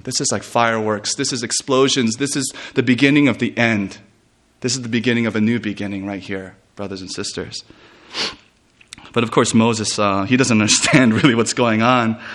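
A man preaching a retreat sermon, reading scripture and explaining it in an animated way, often laughing and restarting his sentences. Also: medium pitch, fairly quick.

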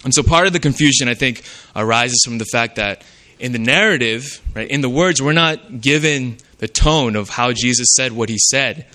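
A man's voice: medium pitch, normal speed, pushed and bright. A man preaching a sermon in a conversational way, often checking in with "right?".

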